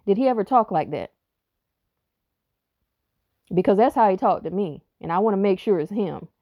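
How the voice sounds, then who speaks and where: A woman's voice: medium pitch, lively intonation, moderate pace, mellow, dry recording. A woman who is a spiritual reader, talking on her podcast in a rambling, profane, emphatic way. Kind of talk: casual podcast monologue.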